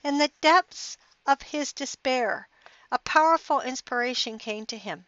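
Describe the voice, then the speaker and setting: A woman's voice: sits high, measured pace, fairly bright tone, no echo. A middle-aged woman hosting a motivational podcast in an upbeat, encouraging, inspirational way. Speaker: podcast host. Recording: dry, dull lo-fi podcast audio.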